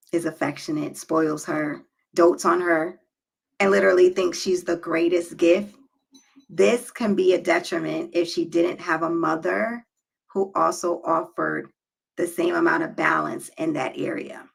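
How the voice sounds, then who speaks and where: This is a woman lecturing her viewers on relationships in a direct, emphatic way. Her voice is strongly gravelly and a little husky, with a bright, pressing edge. She sits a touch low in pitch and keeps tossing in quick checks like "right?" to pull the listener along. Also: rough recording. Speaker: relationship advice vlogger. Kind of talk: direct-to-camera advice talk.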